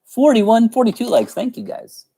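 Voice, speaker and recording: A man's voice: extremely high pitch, big pitch swings, normal speed, creaky, mellow, slightly rough. A man casually chatting with viewers on a live stream, playful and chatty, often breaking into giggles. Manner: giggly, keeps breaking into laughter.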